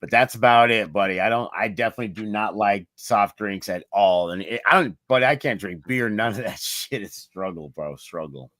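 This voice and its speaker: A man's voice: fairly low pitch, moderate pace, few pauses, fairly bright tone, no echo, clean studio sound. A man co-hosting a casual podcast, laid-back and teasing. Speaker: podcast co-host.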